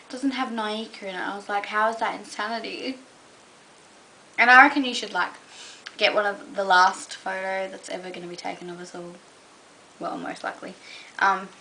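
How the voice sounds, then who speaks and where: A woman's voice: a little high, bright, forceful tone, low-quality recording. A young Australian woman vlogging casually to camera, rambling with lots of "um" and "like". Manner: rambling, full of "um" and "like".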